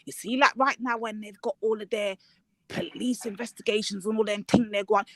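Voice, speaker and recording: A woman, arguing her point insistently and fast on a live online panel, often talking over the others. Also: medium pitch, steady tone, no echo. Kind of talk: heated live panel debate.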